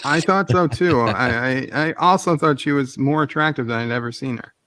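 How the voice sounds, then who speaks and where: A man's voice: mid-range voice, normal speed, pushed and bright. A man hosting a casual livestream chat, easygoing, reading viewer comments aloud. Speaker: livestream host.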